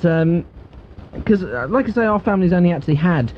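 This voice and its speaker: A male radio host with a high, bouncy voice that swings up and down as he chats and jokes with callers on a late-night phone-in. The broadcast has a dull, lo-fi sound with a faint hiss underneath. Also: fairly quick. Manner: chatty, jokey, animated. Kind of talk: casual radio phone-in chat.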